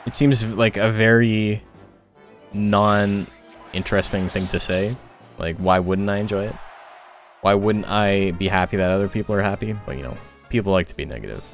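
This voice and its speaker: Low-voiced man chatting casually on stream. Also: fairly even intonation, normal speed, faint music behind. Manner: chatty, rambling, frequent filler words. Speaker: tournament commentator and streamer.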